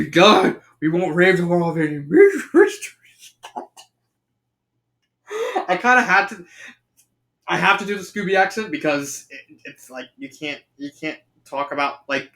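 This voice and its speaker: A man's voice: sits high, fairly bright tone, echoey room. Chatty man reading fan fiction. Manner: chatty, laughs at himself. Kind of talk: casual reading with commentary.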